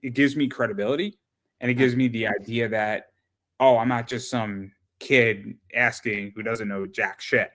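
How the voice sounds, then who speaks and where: A man hosting a casual interview, with a mid-pitched, everyday voice. He rambles and restarts his sentences and stacks repeated words before he lands a point. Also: fairly even intonation, moderate pace, a bit bright. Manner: rambling, repeats words when starting thoughts. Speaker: interviewer and show host.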